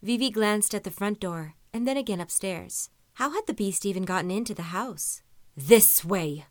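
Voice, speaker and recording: Woman narrator, storybook reading, even measured delivery, dry close recording, mid pitch. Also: dry recording. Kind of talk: audiobook-style story reading.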